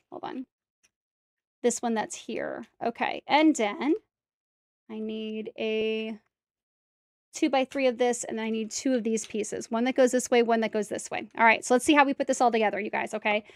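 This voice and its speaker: On a clean, dry studio recording, a woman with a voice on the high side streams herself building a brick set. She chats casually with viewers and talks to herself while fixing mistakes, giving relaxed step-by-step commentary on the build.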